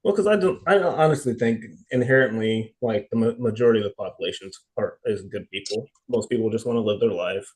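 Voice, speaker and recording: A man's voice: lowish voice, fast, hardly any pauses, darkish tone, rough recording. A man hosting a podcast in casual chat, telling stories in a laid-back way.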